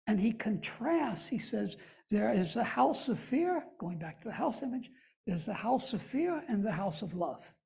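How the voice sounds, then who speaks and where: A man's voice: high voice, very animated, unhurried, gravelly, a little mellow, husky. A man giving a thoughtful church lecture as guest lecturer, often restarting phrases and checking in with "right?".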